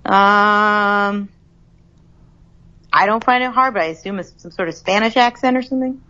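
A woman with a New York accent chatting on a podcast, lively and joking, swearing casually. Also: medium pitch, normal speed, lo-fi sound. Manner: lively, swears freely, jokey. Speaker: co-host.

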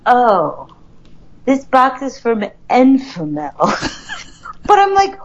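A woman swaps stories on a podcast in a fairly high voice that jumps all over the place. She sounds exasperated and swears freely. The recording sounds dull and lo-fi. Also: slow pace. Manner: animated, profane, exasperated storytelling. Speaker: podcast co-host. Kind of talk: casual chat.

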